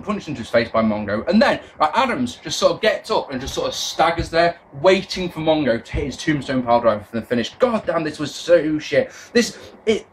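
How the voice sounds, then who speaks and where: Sarcastic British man, lively high voice. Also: a little hiss or hum. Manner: sarcastic, sweary, exasperated. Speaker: wrestling show reviewer. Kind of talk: casual review commentary.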